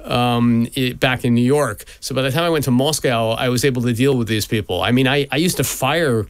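A man's voice: mid-range voice, fairly quick, clear, resonant tone, no echo. A man in his fifties from the United States, a guest in a radio interview, telling stories candidly with many fillers and restarts. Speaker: guest, lawyer and businessman.

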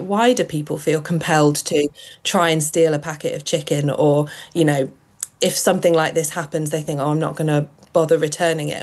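A woman, a journalist, explaining her reporting in a measured radio discussion with frequent ums. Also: sits low, darkish tone. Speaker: journalist guest.

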